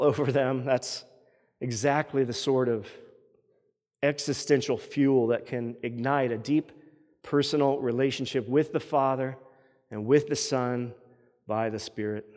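A man's voice: mid-range voice, a little mellow, big-room sound. A man preaching a sermon as pastor, earnest and often repeating words as he builds each point.

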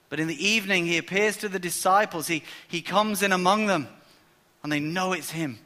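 A preacher delivers a sermon in a bright, ringing voice. He tells the story with lively energy and acts out what the characters say. His voice carries a long reverb from a large hall. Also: sits high, fairly quick.

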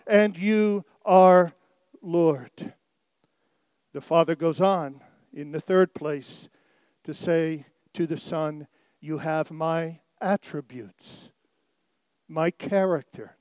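A middle-aged man preaching a sermon, rising to loud emphatic peaks and dropping to quiet phrases. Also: a little high, takes it slowly, clean tone, no room sound. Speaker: pastor.

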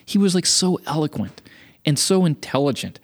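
A man's voice: fairly high pitch, moderate pace. Storytelling man on a casual podcast. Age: young adult. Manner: storytelling, self-deprecating, animated impressions. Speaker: podcast co-host. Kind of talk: casual chat.

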